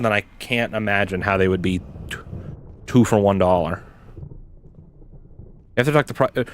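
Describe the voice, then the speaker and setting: A young man, chatting casually while he plays a game, rambling and swearing, with lots of "like" and "dude". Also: medium pitch. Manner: rambling, swears a lot, says "like" and "dude" often. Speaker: gaming streamer. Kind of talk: casual gameplay chat.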